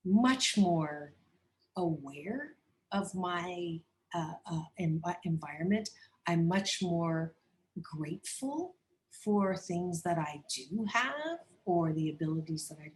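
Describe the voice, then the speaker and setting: A woman who is a psychologist and coach, a guest on a podcast interview, telling personal stories in a candid, animated, expressive way. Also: on the low side, roomy sound. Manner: animated, expressive, acts out voices, laughs often.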